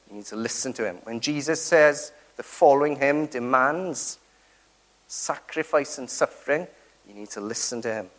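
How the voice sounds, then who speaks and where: A man's voice: medium pitch, a bit bright. A man preaching a sermon, earnest and emphatic, who keeps turning to the congregation with rhetorical tag questions.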